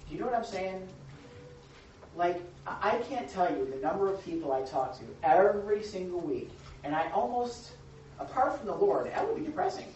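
A pastor delivering an animated, emphatic sermon to his congregation, often repeating words as he drives a point home. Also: sits high, normal speed, slight background noise. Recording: echoey hall from a distant, dull mic.

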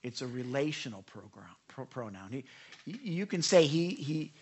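A pastor giving a conversational sermon, earnest and repetitive, who stops to act out prayers, sometimes in a whisper and sometimes in a loud cry. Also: medium pitch, normal speed, breathy edge.

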